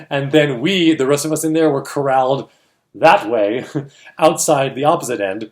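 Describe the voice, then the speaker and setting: A man tells a story in a casual chat, his voice sitting at an ordinary middle pitch. He laughs often and acts out the voices of the people he quotes. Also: measured pace. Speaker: co-host of a film industry show.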